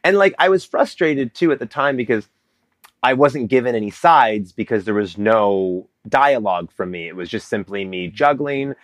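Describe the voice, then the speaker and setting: A man from Vancouver, Canada, a guest telling a story in a casual interview, animated and acting out quotes with jumps in pitch. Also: normal speed, no echo. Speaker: guest, business coach.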